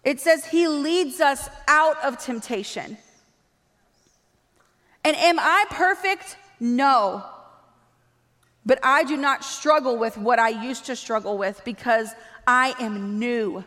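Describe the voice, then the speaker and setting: A woman preaching a sermon, animated and acting out quoted dialogue as she speaks. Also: high-pitched, slow. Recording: long reverb of a large hall.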